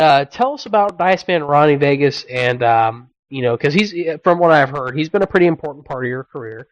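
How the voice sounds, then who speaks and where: A man's voice: medium pitch, dry recording, rough recording. A man hosting a podcast interview, asking hesitant questions full of fillers. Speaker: podcast host. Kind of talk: casual interview.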